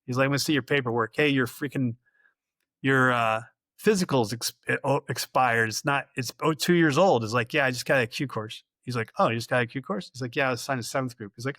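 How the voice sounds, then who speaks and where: A man's voice: medium pitch, quick pace, fairly bright tone, no room sound, clean studio sound. A middle-aged man, a podcast guest, telling rambling anecdotes in a casual interview, acting out the dialogue and laughing often.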